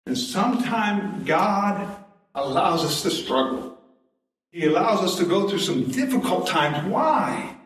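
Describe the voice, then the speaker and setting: A middle-aged pastor delivers a sermon with homespun anecdotes, often chuckling at his own humor. His voice sits slightly high and reaches the mic from across the room. A big church echo rings around every word. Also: sing-song, unhurried. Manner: folksy storytelling, chuckles at own jokes. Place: church sanctuary. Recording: very echoey church from a distance. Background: congregation responses.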